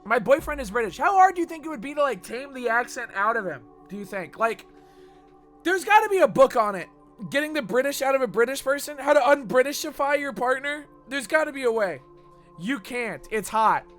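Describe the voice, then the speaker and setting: Woman streamer, high voice, animated, giggly and teasing, light game music behind. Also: fairly quick. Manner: giggly, teasing, swears often. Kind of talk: casual gaming stream chat.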